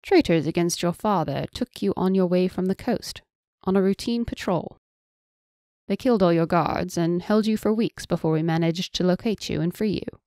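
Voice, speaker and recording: A woman voicing a cautious, high-ranking woman who speaks carefully and reassuringly in an audiobook. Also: moderate pace, warm tone, no room sound, clean studio sound, natural voice.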